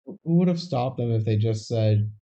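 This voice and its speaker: A man's voice: fairly low pitch, animated, moderate pace, vocal fry, dark tone, dull audio. A man co-hosting a podcast, chatting casually about a movie with wry asides. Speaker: podcast co-host.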